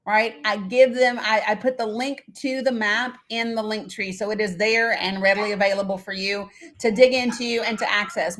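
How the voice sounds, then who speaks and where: A woman's voice: fairly high pitch, fairly bright tone. A middle-aged woman hosting a live stream in casual chat, talking straight to her viewers by name, blunt and swearing freely.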